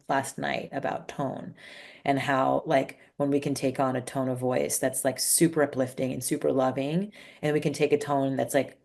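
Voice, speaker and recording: A woman entrepreneur speaks in a casual interview, candid and animated. Her voice sits low with a gravelly fry, and she keeps reaching for "like" and "you know" as she talks. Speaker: entrepreneur guest.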